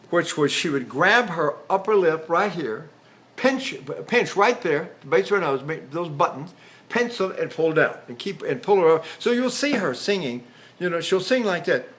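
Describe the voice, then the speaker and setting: A man's voice: high voice, a bit bright. An older male voice teacher giving a rambling lecture on vocal technique, breaking into demonstrations and sung vowels.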